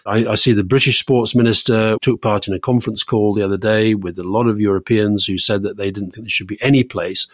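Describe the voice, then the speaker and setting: A man co-hosting a podcast, giving measured opinions in casual political chat, with frequent stammering restarts. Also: on the low side, steady tone, no room sound, studio quality. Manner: measured, stammering restarts, quick to lift into emphasis. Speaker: podcast co-host.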